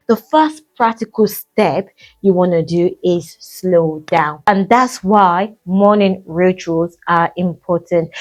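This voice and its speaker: A woman's voice: lowish voice, a little mellow. Chatty woman coach calling listeners sis. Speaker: mindset coach. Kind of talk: casual coaching talk.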